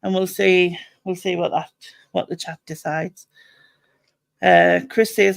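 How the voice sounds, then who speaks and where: A woman's voice: fairly low pitch, steady tone, takes it slowly, creaky, dry recording. A woman hosting a casual livestream, giving short encouraging replies and laughing easily. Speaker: host.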